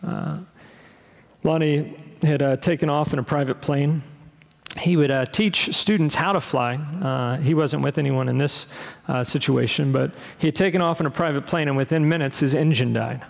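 Earnest pastor with a gravelly voice. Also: male voice, on the high side, fairly even intonation, normal speed, in a large hall. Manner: earnest, with frequent fillers and restarts. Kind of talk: sermon.

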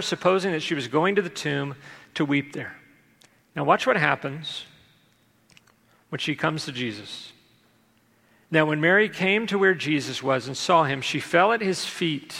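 A man's voice: a little high, gravelly, bright, forceful tone. A man preaching a sermon, reading scripture aloud and then explaining it in a conversational way to a congregation. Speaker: pastor. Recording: long hall reverb.

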